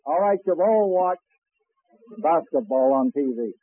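A man teaching a class on preaching, talking slowly and deliberately and demonstrating breathing as he explains. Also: a little high, expressive, breathy edge, no room sound. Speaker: preaching instructor. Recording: tinny, phone-like old recording.

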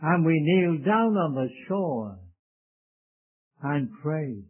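A man's voice: a little high, very animated, slow, slightly rough. A man preaching a sermon in an earnest, solemn way, speaking to his listeners as beloved. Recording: tinny lo-fi phone-like recording.

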